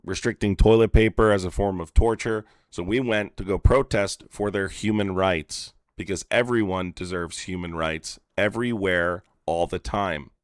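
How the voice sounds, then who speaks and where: A man's voice: sits low, fairly even intonation, normal speed, few pauses, clean tone, dry recording, clean studio sound. A man hosting a call-in political debate, pressing and insistent as he argues. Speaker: political streamer and activist.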